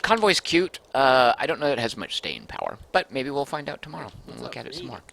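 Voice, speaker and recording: A man's voice: mid-range voice, sing-song, fast talker, vocal fry, a bit bright. A man casually commenting as he streams a game, thinking aloud and reading out viewer comments.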